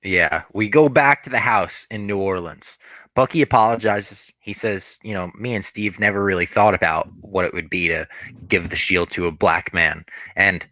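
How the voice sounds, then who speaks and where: Bright low-voiced male podcast recapper. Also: normal speed, no room sound. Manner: laid-back, recapping plot, casual swearing. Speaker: podcast co-host. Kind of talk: casual chat.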